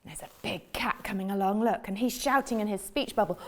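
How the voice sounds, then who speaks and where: A woman teacher reading a picture book aloud to children, chatty and expressive. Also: medium pitch, moderate pace, few pauses. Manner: animated and expressive storytelling.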